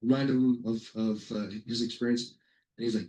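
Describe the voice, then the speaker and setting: A middle-aged man presenting a software webinar in a casual, rambling way, telling anecdotes with lots of fillers and self-corrections. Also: medium pitch, flat delivery, normal speed, poor audio.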